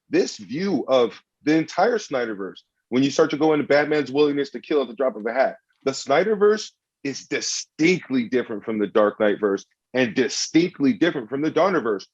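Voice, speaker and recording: A man arguing heatedly and swearing freely in a comedic podcast debate. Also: mid-range voice. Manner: loud, argumentative, swears a lot. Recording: dull lo-fi sound.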